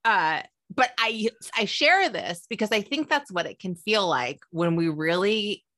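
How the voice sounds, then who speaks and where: A woman co-hosting a podcast and speaking as a therapist, chatty and animated, laughing often. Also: mid-range voice, unhurried, dry recording, studio quality. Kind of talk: casual podcast chat.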